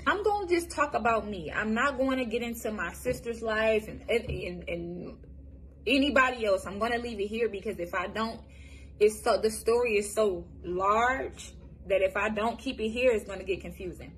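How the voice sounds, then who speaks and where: A woman's voice: medium pitch, a bit bright, a little hiss or hum. A young woman from Michigan, telling her own life story to the camera in a blunt, profane way, often stopping and restarting. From Michigan, USA. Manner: candid, profane, halting with restarts. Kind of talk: personal testimony, casual storytelling.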